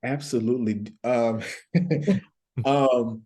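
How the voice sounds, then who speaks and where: A guest life coach on a panel tells stories in earnest, repeating key phrases to drive them home. His mid-range voice is mellow and steady, and he speaks extremely slowly.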